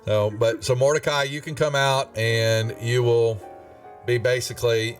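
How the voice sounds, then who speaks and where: A man's voice: mid-range voice, fairly even intonation, a little slow, distant mic, faint music behind. A man running a live tabletop game as game master, rambling with restarts and chuckles.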